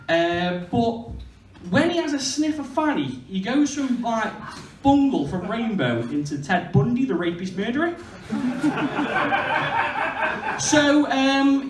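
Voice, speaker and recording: A man in his twenties performs a crude, self-mocking stand-up set. His voice sits high and swoops all over the place. He sounds distant, recorded from out in an echoey club room with a faint hum behind him. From Stoke-on-Trent, England. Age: 20s. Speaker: stand-up comedian. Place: comedy venue stage. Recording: echoey venue heard from far off.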